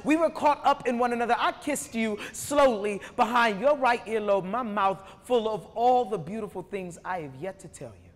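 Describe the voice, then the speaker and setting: A man performing slam poetry before an audience, rhythmic, with emphatic rises between relaxed, joking asides. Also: high-pitched, moderate pace, few pauses. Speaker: performance poet. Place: university hall before an audience. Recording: long hall reverb from a live stage.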